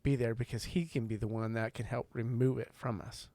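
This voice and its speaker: A man co-hosting a faith podcast, telling a story in an earnest, animated way. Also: medium pitch, fairly quick, no room sound. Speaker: podcast co-host. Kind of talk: casual faith podcast conversation.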